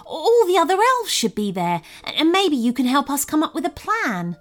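Jelly, a woman doing a bright eager Christmas elf. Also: high voice, big pitch swings, moderate pace, soft background music, voice pushed up. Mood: coaxing. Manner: eager, pleading, a little mysterious. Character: cheerful helpful male Christmas elf. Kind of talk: storybook reading.

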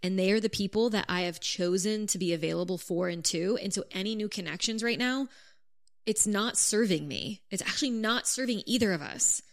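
A woman's voice: medium pitch, a little fast, vocal fry. A woman co-hosting a podcast, speaking frankly and reflectively in a casual chat with her partner. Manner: frank, reflective, talks in long explanations. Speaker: podcast co-host.

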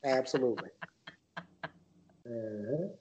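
A man's voice: medium pitch, slow pace, heavy background noise. Laid-back chatty man from Maryland. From Maryland, USA. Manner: laid-back, loose and chatty, heavy on fillers. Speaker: podcast guest. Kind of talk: casual podcast chat.

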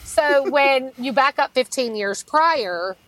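Lady guest, higher voice, super animated storyteller, dry close sound. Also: takes it slowly, no echo, poor audio. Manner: animated, laughs through stories, acts out quotes. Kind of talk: casual storytelling.

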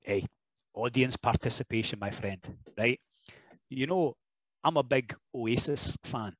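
The audio is poor and dry as this Scottish wrestler, mid-range in voice and measured in pace, chats on a podcast. He's an animated, joking storyteller who does impressions and laughs his way through a casual interview.

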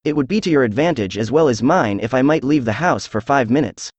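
A proud, defiant young son from an audiobook, read by a synthesized man's voice. The voice sits at a middle pitch and the reading stays flat and unacted. It is recorded dry and close. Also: a little fast, no room sound, dull audio, lightly acted.

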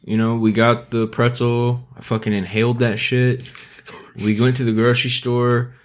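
A young man co-hosting a podcast, telling a story in a casual, profane, animated way. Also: mid-range voice, normal speed. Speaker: podcast co-host.

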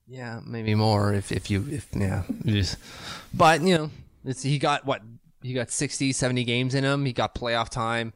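A man from Canada co-hosting a podcast over a video call, talking casually and excitably, often restarting sentences and jumping up in pitch when he makes a point. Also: moderate pace, no room sound, clean studio sound. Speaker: podcast co-host. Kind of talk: casual sports talk. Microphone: remote video call.

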